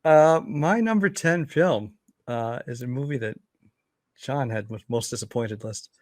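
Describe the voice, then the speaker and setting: A man's voice: medium pitch, animated, measured pace, darkish tone, dry recording. Laid back guy talking movies, lots of uhs, dry close sound. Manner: easygoing and hesitant, many "uh"s and restarts. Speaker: podcast co-host. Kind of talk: casual movie review chat.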